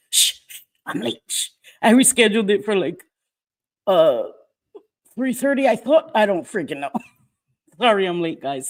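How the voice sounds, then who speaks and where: A woman in her fifties hosting a casual livestream, chatting and greeting viewers by name with frequent laughter. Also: fairly low pitch. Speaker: livestream host.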